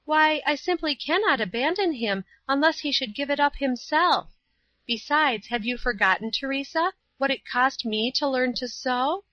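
A woman voicing a kind, patient young woman who speaks softly and sympathetically, a little timid. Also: sits high, normal speed, no echo, voice pushed up. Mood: insistent. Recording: dull lo-fi recording.

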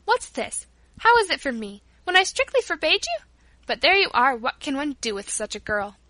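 A woman's voice: high-pitched, big pitch swings, moderate pace, pushed and bright, no room sound, voice pushed up, full character voice. A woman reading the lines of a fussy, devoted old servant woman who scolds and exclaims, in a storybook reading. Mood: scolding.

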